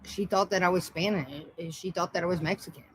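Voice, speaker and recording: A woman's voice: on the low side, a little fast, poor audio. Woman vlogger, foul-mouthed mocking rant, faint room noise behind. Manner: profane, mocking, combative. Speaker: livestream host. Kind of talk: casual livestream rant.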